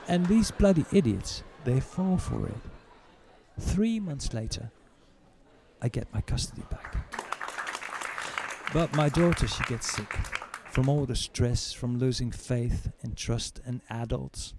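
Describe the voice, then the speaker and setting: A middle-aged man doing stand-up storytelling, who acts out other people in high, loud put-on voices. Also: animated, slow, a crowd in the background, background noise. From Britain. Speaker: stand-up comedian.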